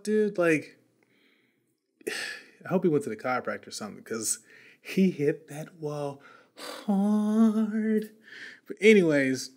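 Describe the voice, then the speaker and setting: Slangy man telling a story, slightly high voice. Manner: animated, slangy, repeats and restarts words. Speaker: podcast host. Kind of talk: casual podcast storytelling.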